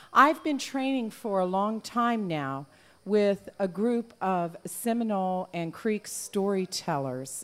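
A woman telling a folk tale aloud to a live audience in an animated, folksy way. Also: mid-range voice. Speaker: storyteller. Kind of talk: live oral storytelling.

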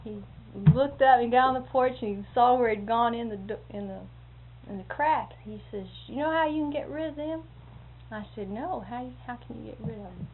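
A woman telling a long anecdote in casual conversation, acting out what others said with sound effects like "boom" and breaking into laughter. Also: a little fast. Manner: animated, acts out quoted speech with sound effects and laughter. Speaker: storyteller. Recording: tinny lo-fi recording with faint hiss.

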